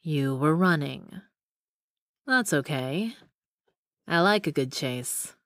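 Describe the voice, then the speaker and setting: Woman doing a gruff, teasing rugged man. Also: sits low, expressive, slow, no room sound, clean studio sound, full character voice.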